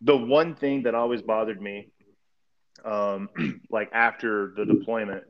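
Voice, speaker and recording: A man's voice: on the low side, steady tone, measured pace. Veteran man, casual podcast talk, rambling and cussing, muffled lo-fi sound. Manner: rambling, profane, lots of fillers. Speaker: army veteran. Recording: muffled lo-fi audio.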